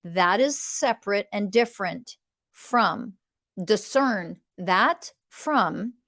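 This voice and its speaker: A woman's voice: medium pitch, expressive, slow, a bit bright. A woman hosting a podcast who teaches about relationships in an impassioned monologue, blunt and emphatic, swearing freely and acting out what partners say.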